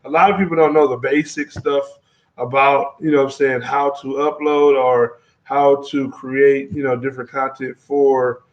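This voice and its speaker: A man's voice: mid-range voice, fairly even intonation, normal speed. A man hosting a casual travel live stream, talking loosely with many fillers and reading viewer comments aloud. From Texas. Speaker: travel vlogger host. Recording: dull lo-fi live-stream audio.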